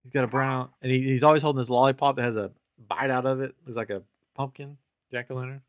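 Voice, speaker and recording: A man's voice: medium pitch, fairly even intonation, fast talker, no echo. A man playing along as a trivia contestant, chatting casually and laughing easily. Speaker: quiz contestant. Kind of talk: casual chat.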